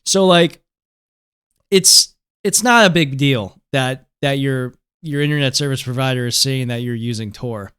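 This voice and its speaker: A man's voice: mid-range voice, a bit bright, clean tone. Casual man hosting a tech tutorial. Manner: conversational, keeps checking in with "right?" and "okay?". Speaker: host.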